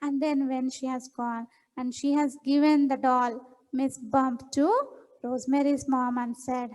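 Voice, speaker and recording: A woman's voice: high-pitched, level tone, unhurried, a little mellow. Sunday school teacher, woman, Indian English accent, echoing hall. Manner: asks the children questions. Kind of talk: storytelling to children.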